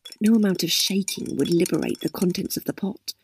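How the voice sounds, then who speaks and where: A woman narrating a story aloud, unhurried and expressive. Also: lowish voice, a little hiss or hum.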